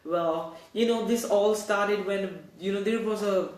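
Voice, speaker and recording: A man with a fairly high voice runs a casual news show, rambling and stopping to correct himself. He sounds animated and loose. The room around him is noticeably echoey. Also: measured pace. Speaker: host.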